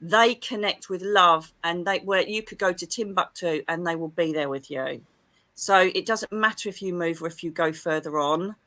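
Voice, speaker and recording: A middle-aged woman with a bright, forward voice tells stories in an animated, gushing rush. Her sound is dry and close, with no room around it. She chats casually, with frequent exclamations. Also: lowish voice, moderate pace, no room sound. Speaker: psychic medium guest. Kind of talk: casual livestream chat.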